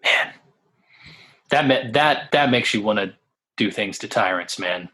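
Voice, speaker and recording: A man's voice: on the low side, lively intonation, a little slow, pushed and bright, husky, low-quality recording. A man co-hosting a podcast in easygoing casual chat, often laughing along. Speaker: podcast co-host.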